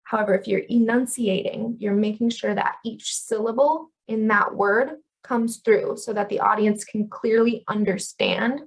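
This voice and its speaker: A woman in her thirties giving a lesson on communication. Her voice carries a gravelly fry as she explains each idea clearly. She punches key terms through with lively stress. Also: medium pitch, rough recording. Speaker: communication instructor. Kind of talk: educational video lecture.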